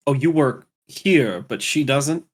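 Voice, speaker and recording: A man at a tabletop game session, speaking his character's lines with dry sarcasm and weary exasperation. He talks unhurriedly, at a mid pitch. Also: lively intonation, slow pace, breathy edge. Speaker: player. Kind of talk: tabletop role-play in character.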